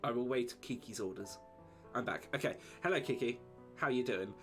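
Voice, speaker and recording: A man's voice: mid-range voice, moderate pace. A man streaming a game, reading its story text aloud and chatting casually with viewers. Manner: steady reading, casual asides to chat. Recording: voice over game music.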